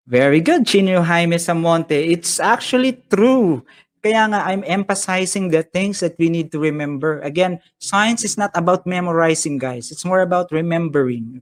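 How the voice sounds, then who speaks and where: A Filipino man with a fairly high voice teaches a science class over a live stream. He sounds upbeat and chatty, greeting viewers by name and slipping Tagalog into his English. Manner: upbeat, reads viewer comments aloud, mixes English with Tagalog. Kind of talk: live-streamed online lesson.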